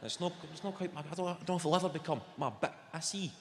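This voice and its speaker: A man with a Scottish accent doing stand-up, sardonic and profane, telling stories with lively energy. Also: a little high, very fast. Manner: sardonic, swearing, animated storytelling. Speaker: stand-up comedian. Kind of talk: live stand-up routine. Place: large live venue. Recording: echoey live hall with loud ambience.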